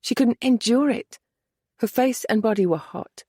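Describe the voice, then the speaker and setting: A woman narrating a romance audiobook in a soft, measured, intimate way. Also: on the high side, slightly rough, dry recording, studio quality.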